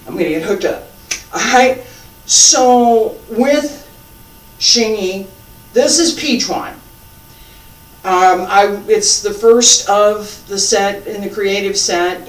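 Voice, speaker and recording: Slow-spoken teacher heard from afar. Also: mid-range voice. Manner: slow, patient, repeats key points, self-deprecating humor. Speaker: martial arts teacher. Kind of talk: live instruction with demonstration. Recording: echoey room, mic far off.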